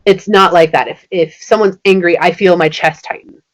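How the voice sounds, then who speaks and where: A woman's voice: lowish voice, fairly even intonation, moderate pace. A woman in her thirties, a podcast guest, telling a personal story in casual, chatty speech full of "like" and acting out the lines of people in it. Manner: chatty, many "like" fillers, acts out quoted dialogue.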